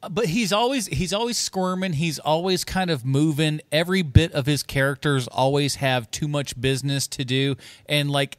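Higher-voiced man mocking a movie. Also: no echo. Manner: mocking, laughs while talking. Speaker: podcast co-host. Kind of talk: casual movie review chat.

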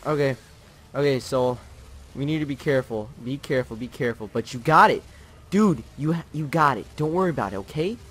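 A young man playing a video game and commenting as he plays, muttering pep talks to himself and repeating words in quick bursts. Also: medium pitch, animated, slightly rough. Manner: swings from muttered self-coaching to yelling in frustration. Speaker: gaming channel host. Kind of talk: live gameplay commentary.

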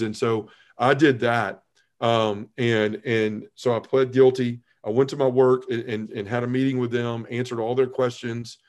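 An earnest man tells his personal testimony to a podcast host. He speaks at a middle pitch, stops and restarts his phrases, and lowers his voice at the heavy parts of the story. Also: a little mellow. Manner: earnest storytelling, halting restarts, drops low when emotional. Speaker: podcast guest.

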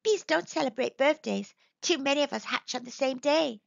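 A woman's voice: sits high, normal speed, vocal fry, dry recording, pitched above the performer's own voice. A woman voicing an eager, hopeful young female bee in a storybook, sometimes shy. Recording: dull dry recording.

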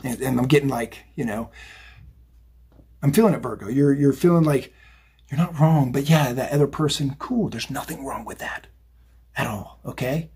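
A man's voice: medium pitch, normal speed, pauses often, a little mellow, husky. A middle-aged man giving a chatty, rambling tarot reading, often tagging his lines with "right?" and "okay?". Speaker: psychic tarot reader. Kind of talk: casual tarot reading monologue.

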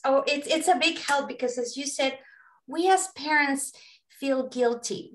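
A woman's voice: high voice, fairly bright tone. A woman hosting a radio interview, earnest and rambling, often restarting her sentences, a native Spanish speaker talking in English. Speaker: host and parenting facilitator. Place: radio studio.

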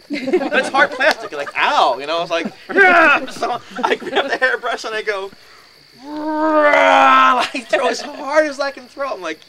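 A man telling a ghost story to a group in a house, animated and acting out voices and sound effects. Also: high-pitched, poor audio.

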